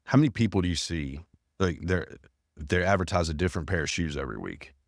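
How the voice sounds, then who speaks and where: Deep-voiced earnest male podcast host. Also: fast, no room sound, studio quality. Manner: earnest and emphatic, repeats phrases. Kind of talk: casual podcast conversation.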